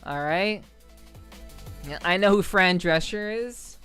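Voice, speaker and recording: A woman's voice: on the low side, slow pace, a bit bright, clean tone, soft background music. Rambling, swearing woman streamer. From New York City area. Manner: rambling, profane, full of ums and laughs. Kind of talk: casual livestream chat with viewers.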